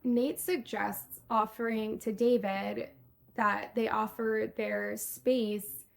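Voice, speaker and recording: A woman's voice: on the high side, little pitch movement, slow, gravelly. A woman co-hosting a podcast, chatting casually as she retells TV scenes. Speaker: podcast co-host. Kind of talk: casual chat recapping a TV episode.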